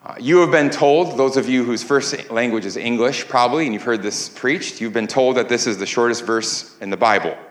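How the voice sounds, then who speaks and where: A man's voice: mid-range voice, moderate pace, hardly any pauses, reverberant. A man preaching a sermon as pastor, earnest, repeating words as he builds emphasis. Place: church sanctuary.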